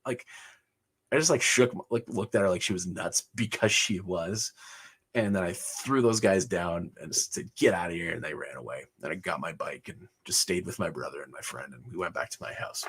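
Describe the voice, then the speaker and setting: A man's voice: low-pitched, normal speed, fairly bright tone, slightly rough. A man on a livestream, telling his life story casually, chuckling often and rambling with fillers. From Canada. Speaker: livestream host.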